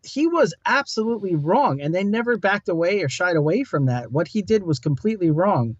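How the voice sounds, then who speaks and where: A man's voice: high voice, very animated, brisk, breathy edge, no room sound, highs cut off. A man co-hosting a casual film review chat, talking conversationally with frequent restarts. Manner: conversational, hesitant restarts, laughs easily.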